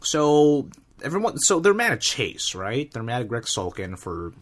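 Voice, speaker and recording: A man co-hosting a podcast recap in casual chat, talking in halting bursts full of fillers and restarts, laughing often and swearing casually. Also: mid-range voice, big pitch swings, a little hiss or hum. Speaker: podcast co-host.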